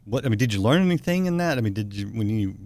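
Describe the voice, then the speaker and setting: A man with a lowish voice, easygoing and relaxed, hosting an American talk show. He asks questions casually and laughs along with his guest. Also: quick pace. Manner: relaxed, laughs often, thinks aloud with fillers. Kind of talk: casual interview chat.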